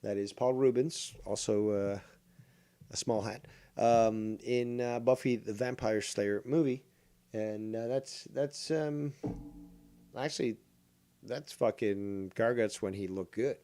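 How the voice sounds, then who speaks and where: A man's voice: fairly low pitch, slow, mellow, faint music behind. A man in his forties giving profane, mocking live-stream commentary, exasperated and sarcastic. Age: 40s. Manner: mocking, exasperated, swears a lot. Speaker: streamer reacting to a call-in clip.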